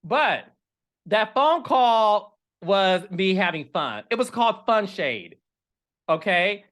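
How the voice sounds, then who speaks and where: A man's voice: high-pitched, very animated, slow pace, fairly bright tone. A man hosting a podcast in casual commentary, talking in a sassy, emphatic way and often tagging his points with "okay?" and "honey". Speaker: podcast host.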